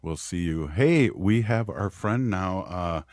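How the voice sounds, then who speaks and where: A man's voice: sits low, slow, no room sound. A middle-aged man hosting a radio show from Minnesota, chatting casually with guests, with lots of "uh" and laughs. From Twin Cities, Minnesota. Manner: relaxed, chatty, many fillers and laughs. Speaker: radio host.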